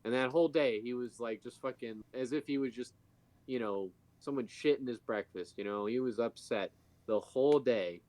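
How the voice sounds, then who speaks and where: A man's voice: medium pitch, moderate pace, a little mellow, no echo. A man co-hosting a casual podcast, telling a rambling story with plenty of fillers. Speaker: podcast co-host. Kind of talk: casual chat.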